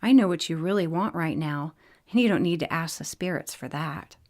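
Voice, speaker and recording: A kind female fairy healer speaks gently and teases a patient, as a woman narrator reads her part. Her voice sits on the lower side for a woman, calm and storybook-like. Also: moderate pace. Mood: teasing. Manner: gentle and teasing.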